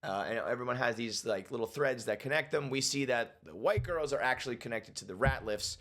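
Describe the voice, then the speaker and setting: A male TV show reviewer gives a casual reaction and breakdown of an episode in a mid-range voice. He's animated and swears freely, acting out characters' lines in quick voices.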